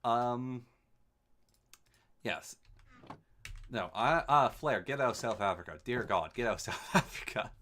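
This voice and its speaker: A man from Canada talks casually while streaming a game, rambling through replies to his chat with dry, wry asides. His voice sits at a middling pitch but swings up and down with plenty of life. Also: lively intonation, a little slow, pauses often, a bit bright, slight background noise. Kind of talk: casual chat while gaming, answering live chat.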